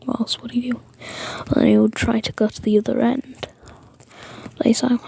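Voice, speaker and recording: A woman's voice: fairly high pitch, little pitch movement, moderate pace, gravelly, warm tone, breathy edge, dry recording. A woman whispering a rambling story, with frequent fillers and restarts.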